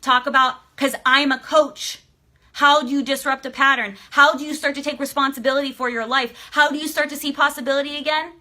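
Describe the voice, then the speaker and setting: A woman life coach talking on a live stream, emotional and excitable, swearing freely as she fires coaching questions at her viewers. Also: high voice, brisk. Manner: emphatic, coaching questions to the audience. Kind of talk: motivational live stream talk.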